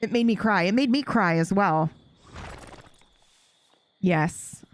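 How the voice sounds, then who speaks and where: A woman streamer talking loosely to her chat as she plays, with a medium-pitched voice that sits right in the middle of her range. She swears freely and laughs easily. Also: expressive, takes it slowly. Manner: chatty and profane, laughs often. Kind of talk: casual chat to a live stream audience while playing a game.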